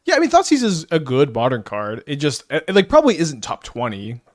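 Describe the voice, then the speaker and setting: A man's voice: a little high, wildly swooping pitch, a little fast, no echo, studio quality. A man giving casual live commentary while playing a card game, stuttering and restarting often as he thinks aloud. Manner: stutters, many restarts and fillers.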